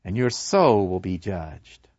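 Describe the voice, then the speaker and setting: A serene old philosopher facing his death, voiced by a man telling the story, preaching about the soul with earnest conviction. His voice swings widely in pitch, rising and falling with feeling. The sound is dull and muffled, close and dry. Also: big pitch swings, slow pace, a little mellow, dry recording, heavily acted. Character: serene old male philosopher awaiting execution. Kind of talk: dramatic storytelling.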